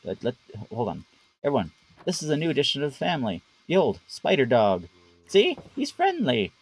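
A man talks his way through a live game stream in a lowish, slightly husky voice. He chats to the animals on screen in a playful way, now and then dropping words as a joke. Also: darkish tone. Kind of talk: live gameplay commentary.

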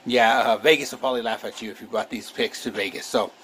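A man's voice: mid-range voice, steady tone, quick pace, a bit bright, slight background noise. Easygoing man rambling through sports picks. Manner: rambling, loose, self-deprecating. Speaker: sports channel host. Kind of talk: casual sports picks vlog.

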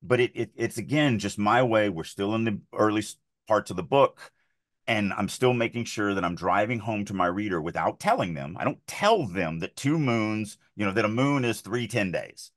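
A man with a low voice talks through his own writing choices in a relaxed podcast chat. He explains step by step, thinking aloud and repeating words mid-sentence. The sound is close and dry. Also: normal speed, no room sound. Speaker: podcast co-host and author. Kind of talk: casual chat about writing craft.

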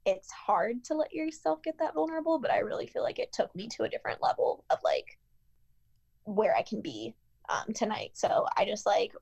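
A woman's voice: medium pitch, very animated, normal speed, creaky, a little mellow, husky, no room sound, lo-fi sound. A woman acting student talks earnestly over a video call about her performance, with frequent "like" and "um". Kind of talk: casual talk on a video call.

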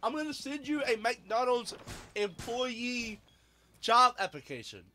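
Lively high-voiced young man teasing friends. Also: a little slow. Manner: teasing, wry, swears. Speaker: gaming friend. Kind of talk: casual gaming chat. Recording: noisy with game sounds.

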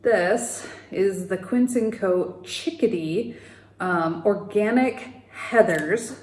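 A woman's voice: mid-range voice, slow pace, darkish tone. A woman hosting a knitting podcast, talking casually and rambling a little, with fillers and the odd laugh. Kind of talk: casual knitting video chat. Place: home. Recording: echoey room.

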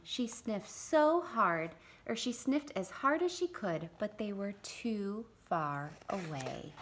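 Animated woman reading a picture book aloud. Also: medium pitch, slow pace, few pauses. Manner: animated, expressive read-aloud. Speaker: parent community reader.

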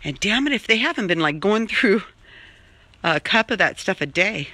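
A woman's voice: medium pitch, lively intonation, moderate pace, bright, forceful tone, rough recording. A woman chatting casually while filming a tour of her own outdoor garden on a handheld phone, rambling as she goes. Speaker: vlogger. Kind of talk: casual chat.

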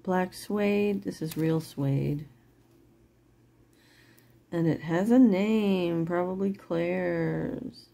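A middle-aged woman chats her way through a jewelry sale in an unhurried, low voice. Her tone is mellow and soft-edged, and she laughs often as she rambles. A faint hiss sits under the recording. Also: vocal fry. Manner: chatty and rambling, laughs often, swears then apologizes. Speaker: online jewelry seller. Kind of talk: casual live-sale chat.

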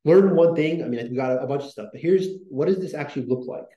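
A man's voice: a little high, fast talker, dark tone, roomy sound, muffled recording. A man hosting a podcast, talking in a casual, rambling way with many fillers and restarts. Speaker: podcast host.

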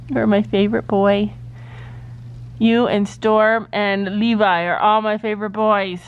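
A woman's voice: mid-range voice, steady tone, measured pace, lo-fi sound. A middle-aged woman vlogging at home, chatting casually and cooing playfully at her pets. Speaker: family vlogger. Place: family home, indoors.

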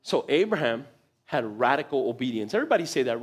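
Man pastor, high voice, animated sermon with acted-out voices, live church service. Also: fast talker, breathy edge. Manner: animated, acts out voices, laughs often. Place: church sanctuary.

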